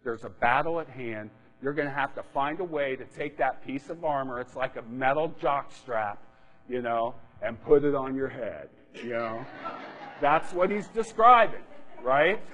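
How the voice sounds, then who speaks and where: A pastor with a mid-range, slightly bright male voice delivers a sermon conversationally, frequently asking "right?" to check in with listeners. The recording carries a hall's long reverb.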